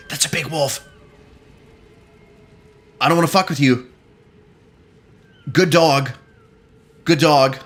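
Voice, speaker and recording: A man's voice: medium pitch, fairly bright tone. A young man with a slight Eastern Canadian lilt, chatting casually and laughing often while streaming a game. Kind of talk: casual chat while gaming.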